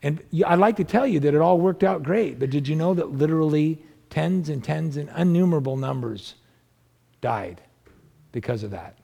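Gravelly-voiced preacher man. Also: expressive, normal speed, warm tone. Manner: conversational preaching with rhetorical questions, pitch rising when stressing points. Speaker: pastor. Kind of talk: sermon.

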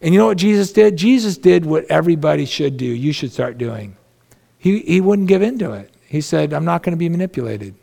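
A man's voice: a little high, expressive, normal speed, gravelly, dark tone. A male pastor preaching a sermon in a conversational, folksy way, with humorous asides.

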